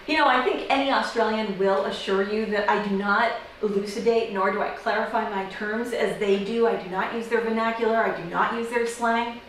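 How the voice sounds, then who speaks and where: An American woman doing an observational comedy monologue, wry and deadpan, with sudden high-pitched incredulous outbursts. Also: fairly quick, few pauses, a little hiss or hum. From United States. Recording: very echoey room, mic at a distance.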